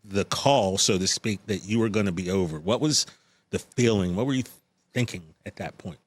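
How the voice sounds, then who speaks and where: Male co-host, low husky voice, steady questions. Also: normal speed, no echo. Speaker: podcast co-host. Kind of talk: casual interview.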